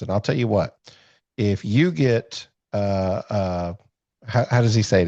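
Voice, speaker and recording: A man's voice: fairly low pitch, unhurried, darkish tone, no echo. A man hosting a podcast, telling a story in a rambling, self-deprecating way with many fillers and restarts over a video call. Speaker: podcast host. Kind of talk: casual storytelling chat. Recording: dull lo-fi call audio.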